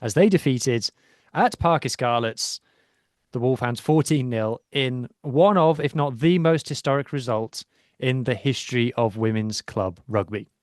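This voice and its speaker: A man's voice: medium pitch, unhurried, dry recording, studio quality. A man, talking enthusiastically and at length about rugby on a casual podcast, with frequent ums. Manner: enthusiastic, rambling with many ums. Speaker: podcast co-host. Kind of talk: casual sports chat.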